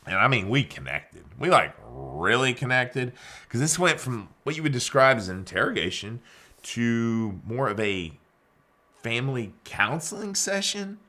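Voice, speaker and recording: A man giving a keynote speech, telling a story with dramatic swings in loudness and acting out the people he quotes. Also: on the low side. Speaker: keynote speaker.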